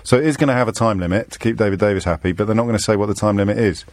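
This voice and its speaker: A sardonic middle-aged English man hosts a live radio phone-in. His voice sits low and sounds close and dry on the studio mic. He talks quickly and conversationally. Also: a little mellow, no room sound. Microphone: studio microphone.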